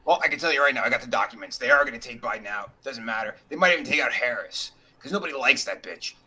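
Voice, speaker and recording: Deadpan man with a bright mid voice. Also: medium pitch, fast, breathy edge, poor audio. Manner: deadpan sarcastic joking. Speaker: podcast co-host. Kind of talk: casual group chat.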